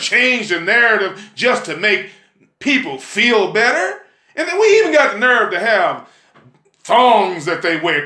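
Male preacher, emphatic sermon, bright forceful voice, echoey room. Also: high voice, big pitch swings, measured pace. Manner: emphatic, call-and-response "huh?", sudden shouts.

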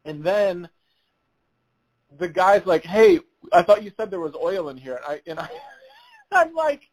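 On a podcast with poor audio, a male co-host with a high voice tells a funny story at a moderate pace in casual conversation. He's an animated storyteller who acts out others' lines and laughs while telling it.

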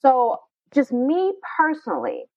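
Woman podcast co-host, lively, emphatic delivery; dry, slightly muffled sound. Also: high voice, a little slow, no echo. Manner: animated, emphatic, passionate. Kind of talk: casual panel discussion.

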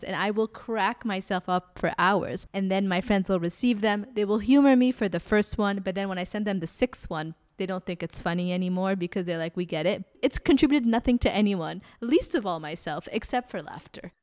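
Brief: playful woman co-host, self-mocking and animated, dry close sound. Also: medium pitch, normal speed, hardly any pauses, dry recording. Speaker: podcast co-host. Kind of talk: casual chat.

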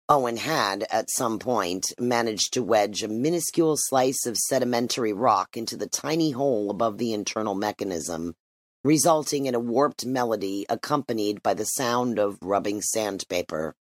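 An audiobook narrator in scripted storybook style, reading with wide, lively swings in pitch. The voice sits in a mid register. It is recorded close to the mic with no room sound. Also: no echo.

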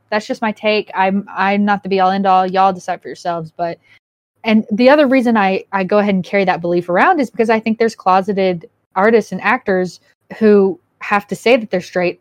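A woman's voice: mid-range voice, dry recording. A woman hosts a podcast, telling stories candidly and with plenty of life, often dropping into little quoted voices. Her voice sits in a middle range and sounds close and dry, with hardly any room around it. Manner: candid, animated storyteller with quoted asides. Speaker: podcast host. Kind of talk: casual chat.

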